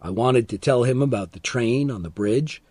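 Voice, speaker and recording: A man narrating an audiobook of a graded reader in a slow, deliberate and expressive style. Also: medium pitch, breathy edge, dry recording.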